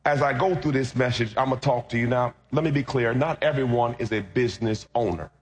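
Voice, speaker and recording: A man's voice: mid-range voice, fairly quick. A male pastor preaching a sermon, telling a humorous personal testimony and reading scripture, calling out to his congregation. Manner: animated, humorous, calls out to the congregation. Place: church. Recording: roomy sound with loud music behind.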